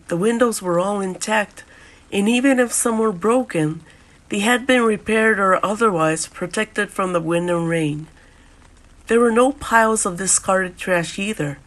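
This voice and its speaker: Woman reading a spooky story, first person, steady scripted narration, mid pitch.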